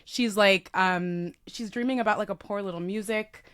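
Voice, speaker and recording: A woman's voice: medium pitch, normal speed, a bit bright, clean tone. A young woman co-hosting a podcast book club, chatty and full of fillers. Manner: chatty, with many fillers, reads passages aloud. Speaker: podcast co-host. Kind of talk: casual book club chat.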